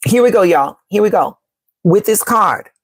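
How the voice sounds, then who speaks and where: A woman's voice: mid-range voice, animated, moderate pace, slightly rough, no echo. Emphatic woman hosting a live tarot reading. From Chicago. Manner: emphatic and repetitive, calling viewers "baby" and "y'all"; reads out and answers the live chat. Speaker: tarot reader and astrology host.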